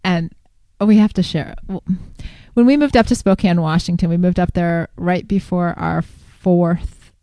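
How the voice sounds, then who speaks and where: Female podcast co-host, 30s, mid pitch, playful and teasing, casual chat, dry recording. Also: a little slow, hardly any pauses, mellow, no echo.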